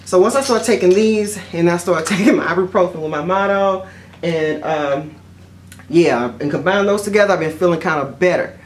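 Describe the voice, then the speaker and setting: A middle-aged woman, telling stories to camera in a chatty, expressive way and often saying "y'all.". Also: fairly low pitch, moderate pace, slight background noise. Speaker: vlogger. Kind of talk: casual storytelling to camera.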